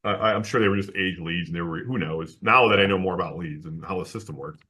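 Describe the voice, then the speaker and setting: A man with a low, forceful voice tells a story as a guest in an interview, jumping into the voices of the people he quotes. He laughs often and restarts his sentences as he goes. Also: quick pace, slightly rough. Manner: animated storyteller who acts out the people he quotes. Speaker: guest, insurance agency owner.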